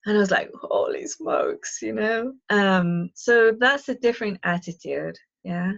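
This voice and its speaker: A woman giving a live spiritual talk, chatty and expressive, telling a story and sharing advice with listeners on a call. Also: medium pitch, a little slow, gravelly, muffled recording. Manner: chatty and expressive, acting out quoted voices. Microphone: live online call.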